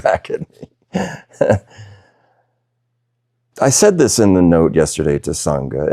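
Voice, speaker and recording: A man with a deep, gravelly voice leads a satsang as a spiritual teacher. He speaks slowly and thoughtfully, pausing often and laughing softly now and then. His tone is dark and mellow, recorded close and dry. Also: no room sound. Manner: slow, reflective, with soft laughs and pauses. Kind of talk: satsang talk. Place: video call session.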